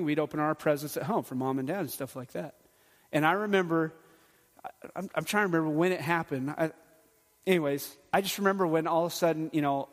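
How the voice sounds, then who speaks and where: A middle-aged man, a pastor, preaching a sermon in an earnest, conversational way with touches of humor. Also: high-pitched. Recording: long hall reverb.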